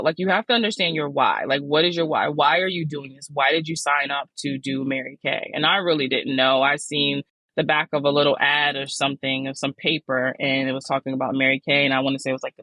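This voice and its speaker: A woman in her forties hosting a solo podcast, talking candidly and casually, swearing freely, her voice jumping up in pitch when she gets animated. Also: no room sound, low-quality recording. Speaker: podcast host.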